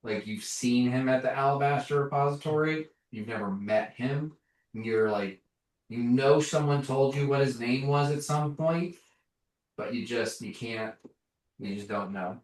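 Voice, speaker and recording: A male game master narrating a tabletop session in an unhurried, halting way, full of fillers and restarts. His voice sits in the middle range. The room is roomy and the mic is set well back. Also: medium pitch. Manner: halting, many fillers, laughs often. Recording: roomy sound, mic at a distance.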